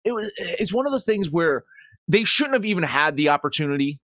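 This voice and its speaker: A man's voice: a little high, big pitch swings, a little fast, fairly bright tone, dry recording, studio quality. A man co-hosting a sports podcast, ranting with heavy swearing and sarcasm. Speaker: podcast co-host. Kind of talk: casual sports talk.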